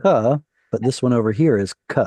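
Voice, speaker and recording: Patient male Hebrew teacher, mellow voice. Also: mid-range voice, normal speed, no room sound. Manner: patient, explanatory, corrects pronunciation gently. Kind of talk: live online Hebrew reading class. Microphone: video call.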